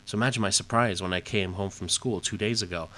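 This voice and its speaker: A man voicing a worried teenage girl from a comic book, speaking in a hurried, anxious way. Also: sits low, steady tone, a bit bright, pitched above the performer's own voice.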